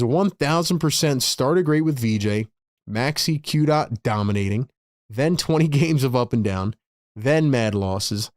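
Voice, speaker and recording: A man's voice: medium pitch, animated, a little mellow, no echo, clean studio sound. Chatty man calling a game live. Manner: fast, chatty, laughs often, reads viewer messages. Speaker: host and play-by-play caller. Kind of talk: live fan play-by-play and chat.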